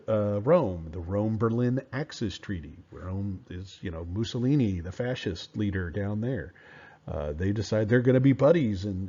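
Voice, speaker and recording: A man teaching history in a relaxed, conversational lecture, with fillers and rhetorical questions. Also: lowish voice. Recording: dull lo-fi recording.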